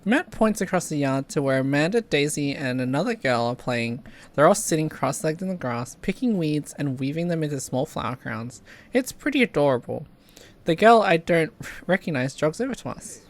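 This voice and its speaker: A woman's voice: low-pitched, animated, moderate pace. A woman streamer reading dialogue aloud during a live game playthrough, laughing often.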